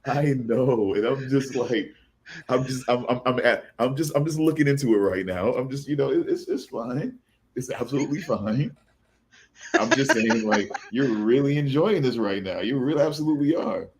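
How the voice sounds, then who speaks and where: A man's voice: medium pitch, normal speed, noisy background. A man hosting a casual podcast, rambling and stammering as he repeats himself. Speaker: podcast host.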